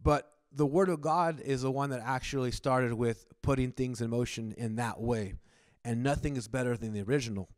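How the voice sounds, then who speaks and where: Man preaching, smooth clear voice. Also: mid-range voice, normal speed, no echo, studio quality. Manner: conversational preaching, repeats words when restarting; asks the congregation direct questions. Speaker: pastor. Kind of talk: sermon. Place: church service.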